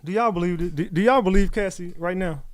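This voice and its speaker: A man with a New York accent commenting live on a trial, reading updates aloud and talking to his chat in a profane, animated way. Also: high-pitched, quick pace, no room sound. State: out of breath. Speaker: livestream commentator.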